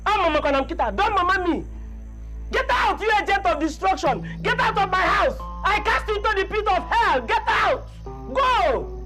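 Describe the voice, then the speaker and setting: An actress playing a fierce Nigerian mother who shouts and scolds, with a Nigerian accent. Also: very high-pitched, lively intonation, normal speed, over music, low-quality recording. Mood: angry. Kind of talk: Nollywood film drama.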